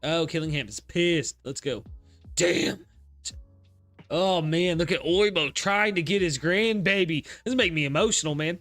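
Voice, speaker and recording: An excitable young man hosting a live reaction stream. He swears freely and chats with his viewers. His voice is bright and forceful and sits a little high, with faint music behind him. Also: moderate pace, dry recording. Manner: excitable, swearing, talks to chat. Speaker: streamer reacting to a comic chapter.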